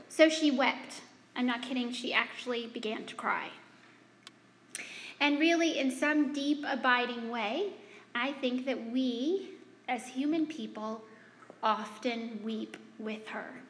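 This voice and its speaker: A woman's voice: on the high side, slow pace, a bit bright, slight background noise. A middle-aged woman addressing students and parents in a live speech. She talks in a self-deprecating, humorous, conversational way, with restarts and asides. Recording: echoey hall with long reverb.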